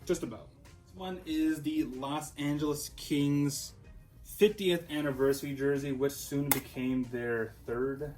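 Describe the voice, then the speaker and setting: A man's voice: fairly high pitch, steady tone, unhurried, darkish tone, faint music behind, low-quality recording. A man from Minnesota, talking casually and rambling through a jersey collection with lots of fillers and restarts. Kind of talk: casual showcase vlog.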